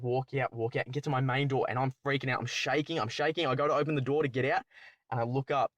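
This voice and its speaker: A young man, telling a personal story as a channel host in a rambling, excitable way, correcting himself often. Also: medium pitch, no room sound. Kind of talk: storytime commentary.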